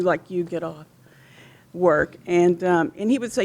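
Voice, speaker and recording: Speaking at a measured pace in a fairly low, darkish voice, a middle-aged police widow recounts personal stories of her fallen husband at an outdoor remembrance. Her speech wanders, is full of feeling, and restarts frequently.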